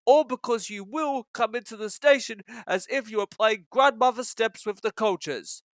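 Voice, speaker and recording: A man voicing a pompous, cross male railway boss in a storybook reading, scolding loudly. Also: high voice, moderate pace, dry recording, studio quality, voice pushed up, close to an everyday voice. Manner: loud, blustering scolding.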